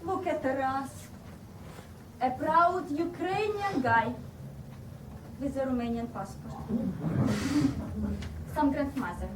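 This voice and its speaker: A woman playing a bossy, indignant Eastern European patriot with an Eastern European accent, her high voice swooping widely as she scolds at an unhurried pace. She is heard from a distance on a roomy stage, with a steady hiss behind her. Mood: chatty. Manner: scolding, lively, listing things off with mock indignation. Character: bossy, lively Eastern European woman lecturing about nationalities. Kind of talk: live stage comedy character. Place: theatre stage. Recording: distant, echoey live stage recording with background noise.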